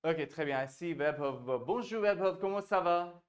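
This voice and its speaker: A man with an Indian English accent and a somewhat high voice, teaching French to beginners over a video call. He is patient, drills phrases slowly and repeats them, and moves back and forth between French and English. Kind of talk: online beginner French class.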